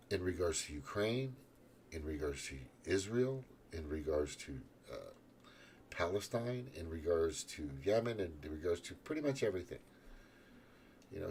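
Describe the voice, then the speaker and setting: A man's voice: sits low, a little mellow, a little hiss or hum. A man hosting his own podcast in a rambling, profane monologue full of restarts. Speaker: podcast host.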